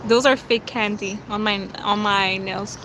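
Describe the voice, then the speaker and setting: A woman influencer talking casually and boastfully on a phone livestream, with sassy remarks and quick laughs. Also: mid-range voice, fairly even intonation. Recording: clear outdoor traffic noise.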